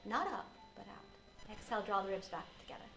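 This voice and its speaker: A woman teaching a yoga class, giving gentle, unhurried cues for breath and posture. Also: mid-range voice, lively intonation, echoey room, faint music behind, poor audio. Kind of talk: guided yoga class instruction.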